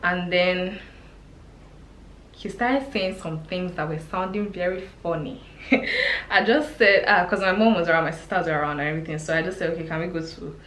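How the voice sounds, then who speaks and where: A young woman, a vlogger telling a chatty, expressive story with sudden exclamations. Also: lowish voice, a little hiss or hum. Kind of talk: casual storytime chat. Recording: echoey room.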